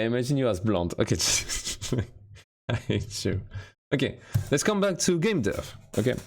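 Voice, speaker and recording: A gravelly, low-voiced man chatting on his game-dev live stream from a desk mic at home. His pitch leaps all over as he swings between mumbled asides and excited squeals, always mocking himself. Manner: animated, self-mocking, jumps between mutters and squeals. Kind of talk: casual live-stream chat.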